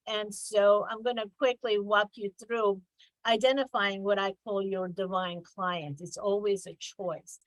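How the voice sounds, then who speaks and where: A woman's voice: on the high side, a bit bright, dry recording, poor audio. A middle-aged woman coach leading an online workshop, talking in a conversational, emphatic way over a video call. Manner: conversational, emphatic, reads examples with mock exaggeration. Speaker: business coach.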